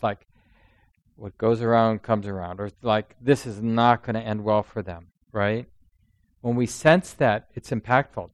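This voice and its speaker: A man giving a dharma talk as a meditation teacher, reflective and unhurried, often voicing inner thoughts as quoted speech. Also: mid-range voice, no room sound.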